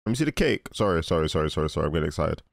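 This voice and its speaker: A young man giving casual, excitable commentary while watching a film, often laughing and exclaiming. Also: rumbling low, very fast, vocal fry, no room sound, clean studio sound. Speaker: movie reaction host. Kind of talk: casual movie reaction commentary.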